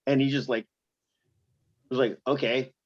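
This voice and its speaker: Middle-aged man, veteran wrestler guest, anecdotal and relaxed, dry close sound, dull lo-fi audio. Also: mid-range voice, moderate pace, no room sound. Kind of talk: casual interview storytelling.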